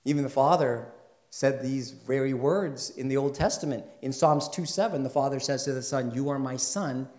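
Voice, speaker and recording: A male pastor preaching a sermon in a conversational way. He asks his listeners questions and builds to loud, emphatic passages. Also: mid-range voice, normal speed. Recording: echoey room.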